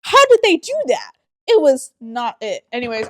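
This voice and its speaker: Woman from the American South, podcast co-host, fairly high voice, chatty, swears a lot, laughs often, dry close sound. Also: big pitch swings, normal speed, fairly bright tone, dry recording. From Southern United States. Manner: chatty, profane, laughs often, rambling asides. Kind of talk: casual podcast chat.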